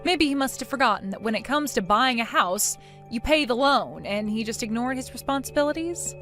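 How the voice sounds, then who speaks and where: A woman's voice: fairly high pitch, expressive, brisk. A woman voicing a sarcastic daughter-in-law. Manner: sarcastic, mocking. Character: mocking young daughter-in-law, defiant. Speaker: narrator of the story. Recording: soft music behind.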